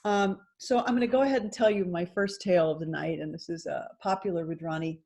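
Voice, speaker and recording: Animated middle-aged yoga teacher. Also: female voice, lowish voice, quick pace. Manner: lively, animated storytelling. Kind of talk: workshop talk with storytelling.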